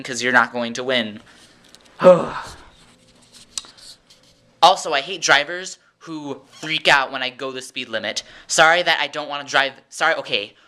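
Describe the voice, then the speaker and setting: A man's voice: mid-range voice, pushed and bright, smooth. A teenage boy ranting in a sarcastic, exasperated vlog monologue at home. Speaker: vlogger.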